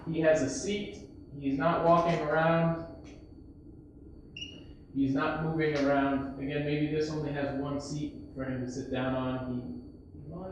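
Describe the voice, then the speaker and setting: A man gives a patient English grammar lesson, his fairly high voice carried from across a very echoey classroom. The sound is dull and lo-fi, with a faint hiss behind him. He now and then bursts into a shouted example to make a point. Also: far from the mic. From United States. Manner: patient, explains slowly, acts out shouted examples. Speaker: English teacher.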